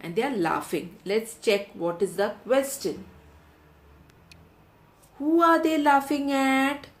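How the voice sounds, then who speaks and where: In a roomy, echoing space, a high-pitched woman teacher takes a class of children through a lesson. She repeats each question and answer slowly so the kids can write them down.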